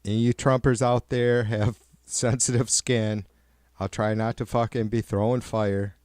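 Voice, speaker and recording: A man's voice: on the low side, little pitch movement, moderate pace, no room sound. Man, livestream host, sarcastic swearing rant, rambling, dry sound. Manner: sarcastic, swearing, rambling, gets louder when worked up. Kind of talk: profane political rant.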